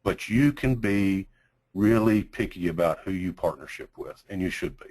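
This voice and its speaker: Slow-talking Texan man, very low voice. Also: darkish tone, low-quality recording. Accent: Texas. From Texas. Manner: slow, with deliberate pauses and emphasis. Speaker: mortgage sales trainer. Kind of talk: sales training class.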